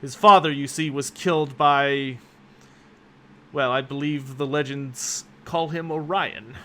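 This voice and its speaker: A man's voice: mid-range voice, fairly even intonation, slow, fairly bright tone, slight background noise. A man voicing a genial, talkative scholarly nobleman in a tabletop game, speaking politely with a chuckle.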